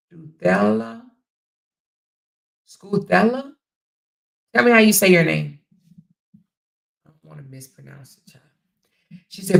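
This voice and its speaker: A woman's voice: low voice, gravelly. A woman hosting a casual livestream, reading viewer comments aloud and chatting back in reply. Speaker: livestream host.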